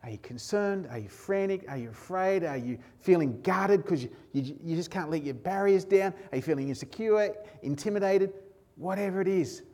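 A middle-aged pastor preaches earnestly in a fairly high, expressive, slightly mellow voice at a moderate pace. He stacks words into emphatic lists and keeps circling back to short refrains.

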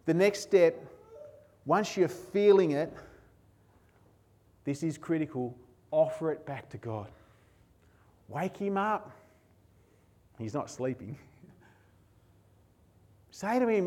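A man's voice: sits high, lively intonation, slow pace, long pauses, mellow. A middle-aged man preaching a sermon, earnest and emphatic, building his points through repeated lists and refrains. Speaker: pastor.

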